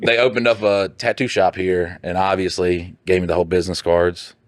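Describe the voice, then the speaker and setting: A lower-pitched man tells animated stories on a podcast, acting out the people in them and laughing along the way. The sound is close and dry, with no room behind him. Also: fairly quick, no room sound. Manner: animated storytelling with quoted voices and laughs. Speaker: podcast co-host. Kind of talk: casual chat.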